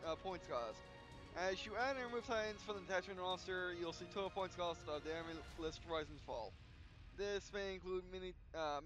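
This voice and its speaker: High-voiced man reading game tutorials. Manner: halting, frequent restarts, yawning. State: yawning. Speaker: gameplay video host. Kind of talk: reading tutorial text aloud while playing.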